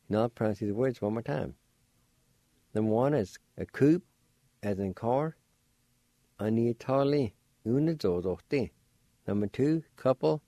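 Radio lesson guy, deep-ish mellow voice, super slow, spells stuff out piece by piece, dry studio sound. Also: no room sound. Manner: slow, careful, spells and sounds out words syllable by syllable. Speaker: radio host teaching Cherokee words.

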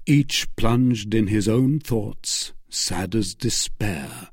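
Husky, expressive male audiobook narrator. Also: fairly low pitch, dry recording, studio quality. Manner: expressive, measured storytelling. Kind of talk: scripted narration of a classic novel.

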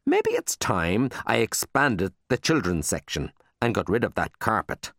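A man puts on a stern older librarian woman, fierce but kind underneath. She talks in clipped, commanding orders in a low voice, his pitch swinging wide, and the sound is dry and close. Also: wildly swooping pitch, measured pace, creaky, fairly bright tone, no echo, full character voice. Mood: warm.

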